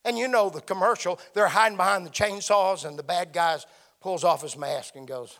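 Preacher guy, really high voice w/ gravel in it, bright and sharp, building up then dropping soft. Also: moderate pace. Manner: emphatic, rising and falling delivery. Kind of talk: sermon.

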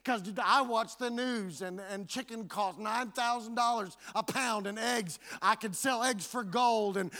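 High, bright-voiced preacher man. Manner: preaching with rising fervor and repetition. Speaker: pastor. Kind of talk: sermon.

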